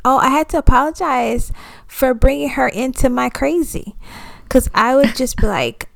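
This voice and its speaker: A woman's voice: high-pitched, moderate pace, creaky, dry recording. A woman in her thirties, co-hosting a podcast in casual chat, telling stories with energy and acting out what she said to others. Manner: animated storytelling, acts out her own quotes. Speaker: podcast co-host.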